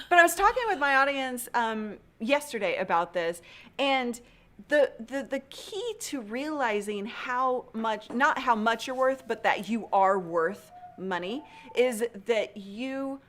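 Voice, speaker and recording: A woman's voice: fairly high pitch, lively intonation, slow, fairly bright tone. A woman hosting a live stream in a casual chat, earnest and encouraging, laughing often.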